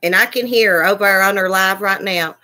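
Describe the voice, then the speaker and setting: A livestream host tears into an angry rant at a brisk clip, her mid-range voice pushed and bright. She's heated, swears freely, and repeats herself over and over.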